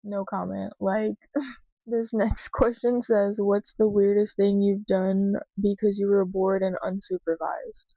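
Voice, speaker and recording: A woman's voice: mid-range voice, little pitch movement, slow, no echo, dull audio. A young woman chatting casually to her viewers, rambling with lots of "like" and "um" and cursing freely. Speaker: vlogger answering viewer questions. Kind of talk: casual confessional chat.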